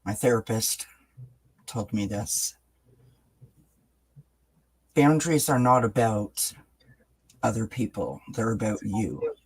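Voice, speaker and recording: A woman co-hosting a casual live-stream chat, relaxed and agreeable, reading viewer comments aloud. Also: extremely low pitch, slow, long pauses, slightly rough, rough recording. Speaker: co-host.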